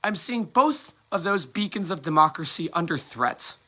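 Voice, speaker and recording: Man, impassioned host, bright tone, rambling restarts, swears a lot. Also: fairly high pitch, animated, moderate pace. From United States. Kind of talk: emotional solo monologue.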